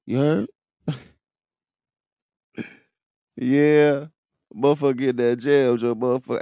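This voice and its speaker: A man's voice: medium pitch, moderate pace, vocal fry, long pauses, a little mellow, dry recording. A man, rambling in a profane, casual street-talk monologue.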